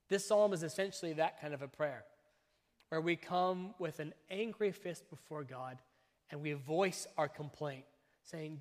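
A somewhat high-voiced male pastor delivers a sermon in slow, weighted phrases, pausing between each point for emphasis. His voice rings through a church hall with a long, lingering reverb.

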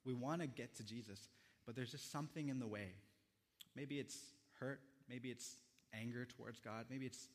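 A young male pastor preaches in a gentle, reflective way, letting quiet pauses sit between his thoughts. His voice sits at an ordinary middle pitch. The sound carries the long reverb of a large church hall. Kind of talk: sermon.

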